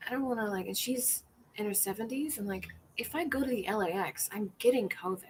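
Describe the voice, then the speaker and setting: A woman's voice: medium pitch, brisk, a little hiss or hum. Rambling woman chatting to viewers. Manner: rambling, self-deprecating, acts out quoted people. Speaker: comedian hosting a livestream. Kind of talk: casual chat, reading viewer comments.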